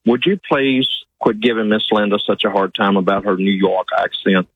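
Polite truck driver calling in. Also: male voice, lowish voice, fairly even intonation, moderate pace, slightly rough, no echo. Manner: polite, says "sir", stammers. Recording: muffled phone-line call.

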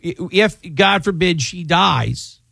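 Chatty male radio host, slightly high voice. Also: expressive, slow pace, gravelly, a bit bright, no room sound, clean studio sound. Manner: chatty, emotional, stumbles over words. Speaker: radio show host and lawyer. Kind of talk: call-in radio talk.

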